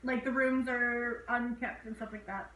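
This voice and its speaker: Young woman, high bright voice, animated movie recap, echoey room, slightly off-mic. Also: unhurried, recorded from a distance. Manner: animated, acts out scenes in raised voices. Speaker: co-host reviewing a horror film. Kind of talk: casual chat recapping a movie.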